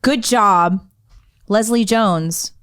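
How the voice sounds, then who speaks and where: A young woman co-hosting a podcast, chiming in with snarky remarks and echoing her partner's punchlines. Her voice sits at a middle pitch for a woman and sounds dry and close to the mic. The tone stays loose and chatty. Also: drawn-out words, fairly bright tone. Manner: snarky, echoes and finishes her co-host's lines. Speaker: podcast co-host. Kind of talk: casual chat. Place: podcast studio.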